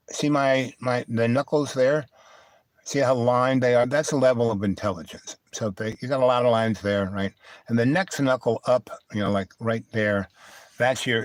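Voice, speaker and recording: A man in the middle of his voice range, spinning a loose, wandering anecdote for his live stream. He doubles back and digresses as he goes. The sound is dry and close, with no room echo. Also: medium pitch. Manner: meandering, digressive, full of asides. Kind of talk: rambling personal storytelling.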